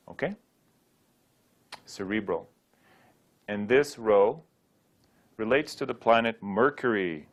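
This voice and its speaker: A man's voice: on the low side, slow pace, long pauses. Man, teacher, classroom lecture, repeats syllables for students, lapel mic. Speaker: Sanskrit teacher.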